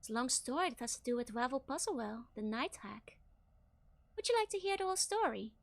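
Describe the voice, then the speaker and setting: A woman voicing a sultry, bored talking skull in a slow, languorous whisper, as a whispered role-play. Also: high voice, very animated, dry recording. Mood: weary.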